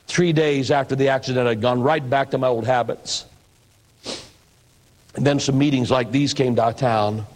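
A man's voice: mid-range voice, steady tone, moderate pace, darkish tone, rough recording. A man in his sixties from the northwestern United States, a pastor and evangelist, telling his life story as a sermon in a folksy storytelling manner. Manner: folksy storytelling, acts out quoted voices. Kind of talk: personal testimony sermon.

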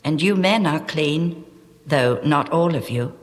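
A woman voicing a calm, gentle grown male teacher in a storybook reading, speaking in a measured way. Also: sits low, in a large hall.

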